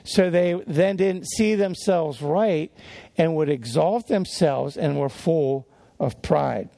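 A man's voice: fairly high pitch, slow pace, vocal fry, mellow. A man preaching a sermon as a pastor, talking conversationally with restarts and small chuckles, and rising to stress key words. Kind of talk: sermon teaching.

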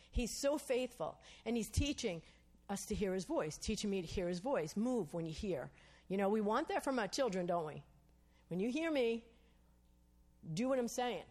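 A woman's voice: on the high side, a little mellow. A woman preaching, telling a story and acting out the dialogue in it, asking her listeners to agree. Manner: storytelling, acts out quoted dialogue, asks the audience "Amen?". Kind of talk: sermon testimony.

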